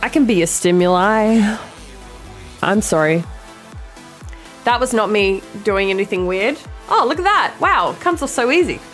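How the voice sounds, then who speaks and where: Lively, chatty woman streamer. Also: mid-range voice, moderate pace, pauses often, faint music behind. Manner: chatty, giggly, swears freely, apologetic asides to chat. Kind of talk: casual live-stream chat while gaming.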